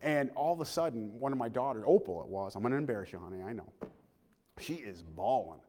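A man in his thirties preaching a personal sermon in a church, earnest, moving between loud appeals and hushed, quiet passages. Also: mid-range voice, lively intonation, quick pace. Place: church sanctuary. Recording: long church hall reverb.

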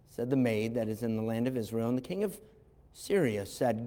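A man preaching a sermon as an animated storyteller who acts out voices and adds wry asides, recorded in a church sanctuary. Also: mid-range voice, brisk. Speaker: pastor. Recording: long hall reverb.

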